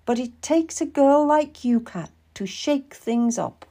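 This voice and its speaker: A woman's voice: fairly high pitch, expressive, slow pace, warm tone, pitched above the performer's own voice, full character voice. A woman voicing an imperious, ailing old noblewoman who speaks in a commanding, haughty way. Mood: fond.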